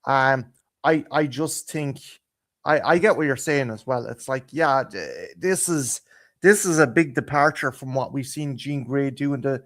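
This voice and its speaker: A man with an Irish accent chatting casually as a guest on a live stream, stammering through restarts and breaking into loud, swearing rants. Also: medium pitch, a little slow. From Ireland. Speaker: guest podcaster. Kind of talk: casual chat. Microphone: video call.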